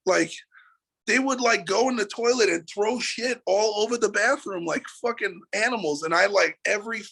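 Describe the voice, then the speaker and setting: A man from New York City, a musician guest in a casual interview, ranting in an animated, profane way and laughing between points. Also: sits high, normal speed, vocal fry, husky.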